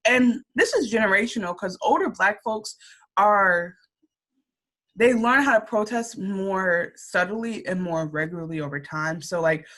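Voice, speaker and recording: A woman co-hosts a casual reaction podcast, retelling scenes with lots of energy and acting them out. Her voice is bright and forward, and she swears freely as she talks. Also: medium pitch, a little slow. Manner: animated storyteller who acts out scenes, swears freely. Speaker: podcast co-host.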